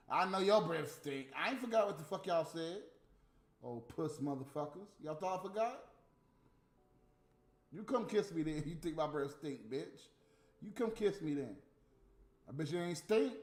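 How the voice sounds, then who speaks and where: A man delivering a heated, profane, scolding rant on a livestream, with loud bursts. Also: fairly high pitch, lively intonation, moderate pace, pauses often. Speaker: livestream host. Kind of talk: unscripted ranting monologue. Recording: echoey room with faint music.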